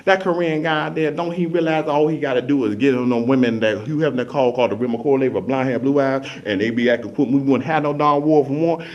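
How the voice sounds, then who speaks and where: A man's voice: medium pitch, quick pace, hardly any pauses, a little mellow. A man telling a rambling, repetitive comic story to an audience. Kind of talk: comedic story monologue. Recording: dull lo-fi recording.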